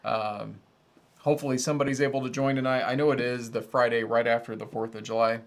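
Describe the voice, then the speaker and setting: A man's voice: mid-range voice, flat delivery, fast talker. A man in his thirties hosting a casual livestream about audio gear, rambling and joking about himself. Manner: rambling, self-deprecating and chatty. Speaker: host of an audio gear channel.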